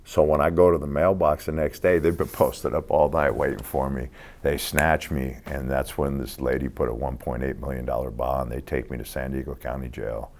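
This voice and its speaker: Speaking at a moderate pace, this man in his sixties has a rumbling low voice with a steady, darkish tone. As a guest in a casual interview, he tells streetwise, profane stories and performs other people's lines in quoted voices.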